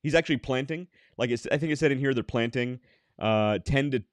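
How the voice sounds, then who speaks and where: A man's voice: medium pitch, a little fast, dry recording. A man hosting a podcast in casual chat, making dry jokes and reading headlines aloud. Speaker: podcast host.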